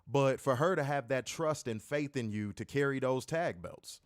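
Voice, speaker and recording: A city-raised man, not from the South, hosts a hyped, casual interview, pumping up his guest with playful, repetitive patter. His mid-range voice has a moderate pace, and the audio is studio quality with no room sound.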